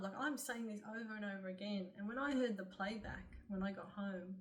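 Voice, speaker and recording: A woman's voice: mid-range voice, steady tone, normal speed, hardly any pauses, fairly bright tone. A woman, an author earnestly retelling a personal story with frequent fillers. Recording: distant mic, faint room noise.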